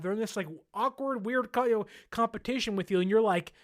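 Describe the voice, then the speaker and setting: A man's voice: high voice, a little fast, hardly any pauses. A man hosting a sports podcast, talking casually and laughing often, sometimes mimicking fans in exaggerated voices. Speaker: podcast host.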